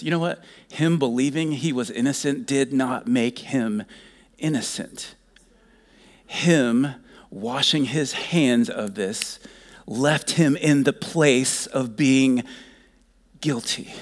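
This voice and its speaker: A male pastor preaching a sermon, moving between loud, urgent exhortation and soft, near-whispered lines, then leading communion. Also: medium pitch.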